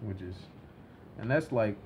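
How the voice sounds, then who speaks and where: A low-pitched man co-hosts a podcast, talking casually and asking earnest, probing questions. A faint hum sits behind his voice. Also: lively intonation, unhurried, muffled recording. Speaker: podcast co-host. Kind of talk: casual conversation.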